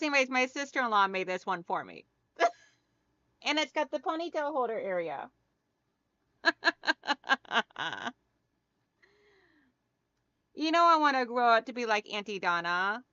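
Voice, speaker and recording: Bright-voiced chatty woman quilting host. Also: a little high, big pitch swings, brisk, no echo, lo-fi sound. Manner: chatty, greets viewers by name, calls them hon and girl. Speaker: craft channel host. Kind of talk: casual livestream chat while hand quilting.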